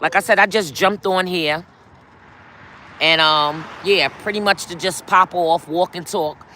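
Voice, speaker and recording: Out on a city street, a middle-aged New York woman hosts a casual live stream, chatting straight to her viewers and saying "y'all" a lot. Her voice sits on the low side, bright and forceful, at a measured pace, with slight background noise.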